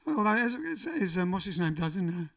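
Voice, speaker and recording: Very animated and a little fast, his high voice has a creaky, slightly bright edge. He's the band's frontman, hosting a living-room livestream and chatting loosely between songs while reading out what viewers write. The mic is a bit far off, and soft music runs underneath.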